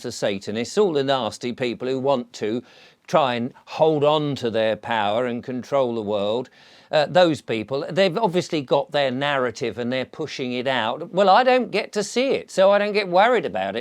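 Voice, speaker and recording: An older English man talking to camera in a chatty, theatrical monologue, slipping into comic voices. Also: medium pitch. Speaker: vlogger.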